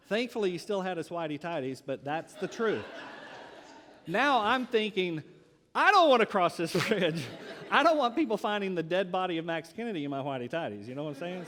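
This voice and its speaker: Man pastor, sermon storyteller, fairly high voice, echo of a big sanctuary. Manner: lively storytelling with pauses.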